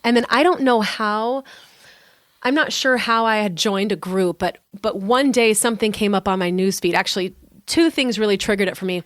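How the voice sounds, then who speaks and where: A woman's voice: medium pitch, normal speed, dry recording, clean studio sound. A woman co-hosting a podcast, telling a personal story in an earnest, heartfelt way and repeating phrases for emphasis. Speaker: podcast co-host sharing her story.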